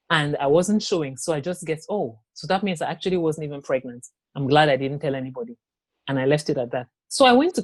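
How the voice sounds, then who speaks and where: Woman recounting painful memories haltingly. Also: sits low, no echo. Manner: halting, with long pauses, restarts and acted quotes. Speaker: interview guest. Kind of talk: personal testimony in an interview.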